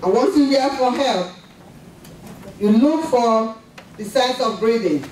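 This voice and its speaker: High-voiced man teaching a first-aid class. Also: expressive, takes it slowly, a little mellow. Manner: plain, repeats key steps with frequent "okay?" checks. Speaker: CPR instructor. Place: large indoor conference hall. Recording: echoey hall from far off, faint noise.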